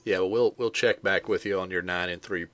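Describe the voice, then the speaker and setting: A man hosting a casual sports talk show, talking in a halting way with many fillers and restarts. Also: low voice, steady tone, fairly bright tone.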